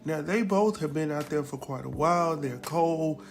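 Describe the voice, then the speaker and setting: A man recapping a TV episode in a casual, animated way, exclaiming and chuckling as he talks straight to his viewers. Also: fairly high pitch, normal speed, gravelly, soft background music.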